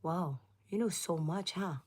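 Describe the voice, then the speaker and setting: A woman hosts a relaxed livestream, chatting with viewers in an unhurried, slightly low voice. She laughs often and now and then drops into a soft whisper. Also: husky. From United States. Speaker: livestream host. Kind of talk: casual livestream chat with viewers.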